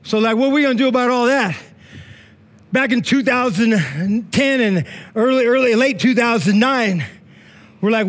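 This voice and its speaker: High-voiced preaching pastor, man. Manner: emphatic preaching that swings between loud calls and hushed, slow passages; casual slang and constant "right?" and "man". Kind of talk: sermon with storytelling. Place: church meeting in a school building.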